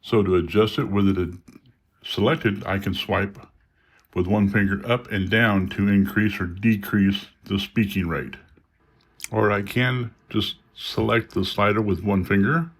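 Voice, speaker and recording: A man with a fairly low voice talks through phone settings one step at a time. His delivery is relaxed and conversational, with the odd restart as he explains. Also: measured pace, husky. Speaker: video creator demonstrating phone settings. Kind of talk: casual screen-reader tutorial.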